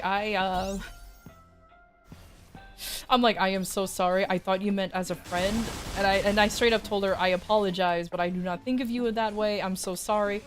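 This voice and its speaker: A woman streaming as a VTuber, telling a rambling, self-mocking story to her chat and jumping her pitch high when she quotes people. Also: normal speed, pauses often. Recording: faint music behind.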